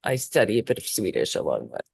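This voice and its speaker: A participant from Denmark and Norway joins a video call with a friendly, teasing chat. The voice swings up and down in lively intonation, recorded dry and close with no room sound. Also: sits low, fast, vocal fry, breathy edge, no echo. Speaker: participant in an online meditation session. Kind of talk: casual chat.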